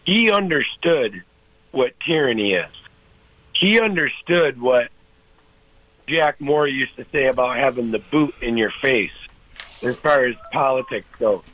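A man's voice: mid-range voice, lively intonation, a bit bright. Rambling male caller, dull lo-fi line. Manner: rambling, halting with frequent restarts. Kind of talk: casual storytelling. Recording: dull lo-fi phone-in audio.

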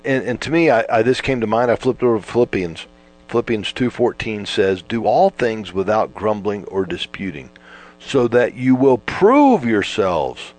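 Man, preacher, lowish voice, folksy bible talk, low hum behind. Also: poor audio. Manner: folksy, repetitive, with restarts and emphatic repetition. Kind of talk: informal Bible teaching.

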